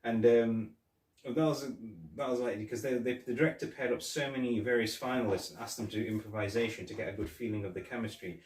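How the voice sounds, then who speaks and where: A man's voice: medium pitch, fairly even intonation, fast, a little mellow. A man hosting a podcast, chatting casually about a film, rambling and retelling scenes with laughs. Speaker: podcast host. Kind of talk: casual film review chat. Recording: roomy echo, mic at a distance.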